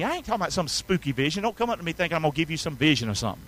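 A male pastor from North Carolina, preaching a sermon with enthusiasm, calling on the congregation to respond and swinging between loud and quiet passages. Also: a little high, sing-song, rapid-fire, hardly any pauses, low-quality recording.

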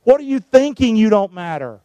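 A man's voice: high voice, sing-song, normal speed, dark tone, no room sound. A middle-aged man preaching a sermon as pastor, emphatic and calling on the congregation to answer back. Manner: emphatic preaching with call-and-response.

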